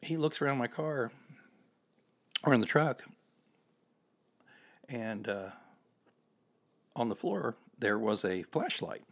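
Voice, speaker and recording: A man's voice: medium pitch, lively intonation, takes it slowly, creaky, pauses often, a bit bright. A man hosting a podcast, telling a personal story in a conversational, self-deprecating way with frequent fillers. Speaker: podcast host.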